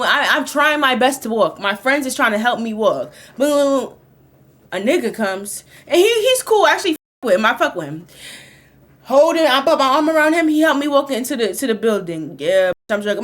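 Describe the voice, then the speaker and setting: A young woman streamer telling a story casually, animated and profane, repeating lines for effect. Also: high-pitched.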